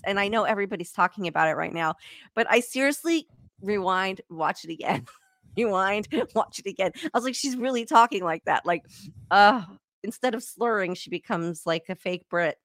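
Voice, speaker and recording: A woman hosting a podcast in casual chat, animated, laughing often and breaking off mid-sentence. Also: mid-range voice, no echo. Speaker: podcast host.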